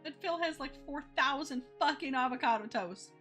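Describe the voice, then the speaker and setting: A woman with a high, bright voice chats casually while drawing on a live stream. She rambles and giggles between thoughts, and soft music plays behind her. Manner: retells others' lines in quick playful voices.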